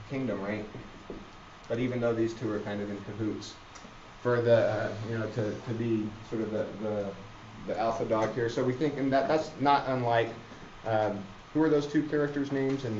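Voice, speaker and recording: A man's voice: mid-range voice, a little mellow, slight background noise. A man teaching a literature class, rambling with many fillers and restarts. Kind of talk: classroom lecture. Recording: roomy, dull classroom recording.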